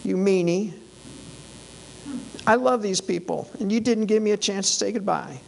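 A man's voice: high-pitched, unhurried, slight background noise, pitched above the performer's own voice, low-quality recording. A man voicing an aggrieved young man who complains in a whiny, self-pitying way.

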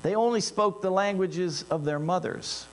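A man preaching a sermon in an animated way, dropping into quiet asides and rising into loud, emphatic bursts. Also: high-pitched, moderate pace.

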